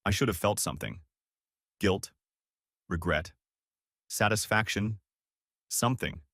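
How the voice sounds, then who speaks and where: A young adult man reading a story in a flat, measured, numb tone. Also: fairly low pitch, no room sound, studio quality. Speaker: narrator. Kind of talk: scripted story narration.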